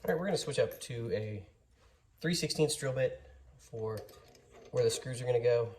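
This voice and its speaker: A man's voice: medium pitch, moderate pace, darkish tone. A man hosting a casual DIY workshop how-to, chatty and easygoing, joking at his own mistakes as he works in a home garage. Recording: noisy workshop audio.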